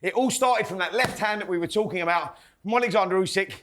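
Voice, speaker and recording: A man's voice: sits high, fast talker, a bit bright, slight background noise. Chatty British male boxing pundit. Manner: chatty, says "mate" and "listen". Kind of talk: studio analysis.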